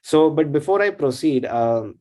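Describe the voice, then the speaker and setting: A man giving a devotional class talk in a thoughtful, halting way, with frequent fillers and tag questions. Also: a little high, lively intonation, darkish tone. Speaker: devotional speaker.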